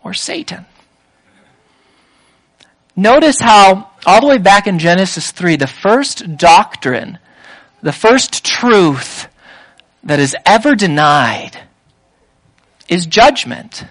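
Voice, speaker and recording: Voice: sits high, sing-song, slow pace, pushed and bright, low-quality recording. A preacher giving a sermon in an emphatic way, with rhetorical questions and repeated lists.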